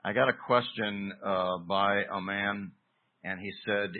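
A man preaching an expository sermon, teaching deliberately with emphatic pauses. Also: fairly low pitch, steady tone. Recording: tinny phone-like recording.

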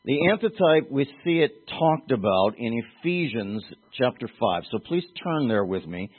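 Man, pastor, teaching sermon, mid-pitched voice, narrow tinny sound. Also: big pitch swings, moderate pace, slightly rough. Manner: teaching, explains terms, asks congregation questions.

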